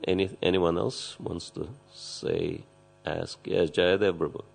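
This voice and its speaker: A man leading a meditation class, speaking calmly and in a measured way. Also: deep voice, gravelly. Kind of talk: spiritual teaching.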